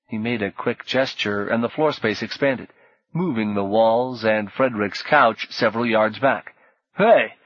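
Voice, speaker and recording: A man's voice: fairly low pitch, moderate pace, no room sound. Man narrating an audiobook, dull dry sound.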